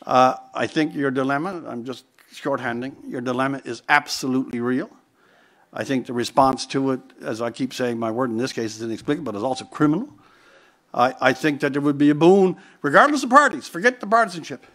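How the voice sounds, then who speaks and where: A man's voice: medium pitch, fairly quick, fairly bright tone. A man with a Newfoundland accent giving a humorous storytelling speech at a conference, witty and theatrical with sudden emphatic asides. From Newfoundland, Canada. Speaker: conference speaker. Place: conference hall before a live audience.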